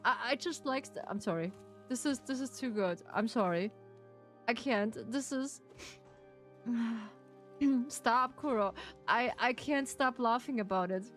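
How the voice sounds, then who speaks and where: A woman's voice: a little high, a little slow, pauses often, fairly bright tone, faint music behind. A woman with a German accent, a native German speaker chatting casually with her viewers as a streamer, playful and teasing and laughing often.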